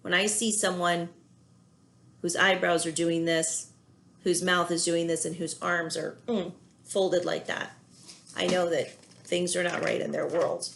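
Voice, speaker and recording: A female teacher with a lowish, gravelly voice reads a children's picture book aloud. She stops often to gently explain feelings to her young listeners, adding commentary as she goes.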